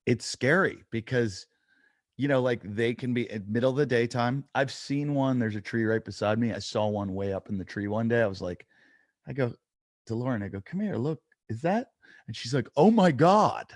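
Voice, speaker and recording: Casual podcast co-host, male, lowish voice, animated storyteller, dry close sound. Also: moderate pace, no echo. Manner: animated storyteller, acts out quotes. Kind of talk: casual chat.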